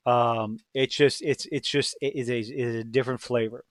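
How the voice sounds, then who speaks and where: A man's voice: medium pitch, steady tone, moderate pace, no room sound, clean studio sound. A man from Louisiana with a Cajun accent, hosting a podcast in casual, profane, rambling chat that drifts into tangents. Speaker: podcast host.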